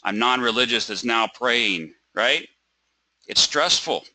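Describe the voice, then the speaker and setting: A man's voice: medium pitch, lively intonation, takes it slowly, pushed and bright, no echo. A man teaching a live webinar lesson. He asks rhetorical questions, checks in with "right?" and "okay?", and acts out a stressed trader by repeating words. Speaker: trading webinar instructor.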